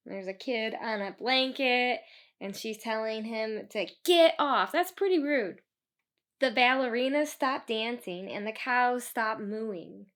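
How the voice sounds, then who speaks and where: A woman's voice: a little high, a bit bright. A woman reading a children's book aloud, stopping for chatty asides to explain the story to kids. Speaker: storybook reader.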